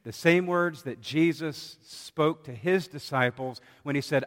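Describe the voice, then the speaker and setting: Man preaching in a reverberant church. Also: a little high. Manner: measured preaching with dramatic pauses. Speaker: pastor. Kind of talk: sermon. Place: church sanctuary. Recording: long hall reverb.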